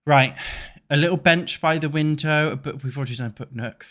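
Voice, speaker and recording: A man's voice: on the high side, normal speed, fairly bright tone. Congested man streaming, swearing. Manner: crude, swearing, joking with chat. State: congested with a cold. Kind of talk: casual livestream chat while playing.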